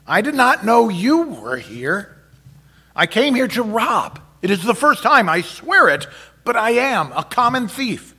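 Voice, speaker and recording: A man's voice: medium pitch, fairly quick, a bit bright, voice pushed down, natural voice. A man voicing an ashamed young male thief who pleads in a choked, raised voice. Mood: anguished.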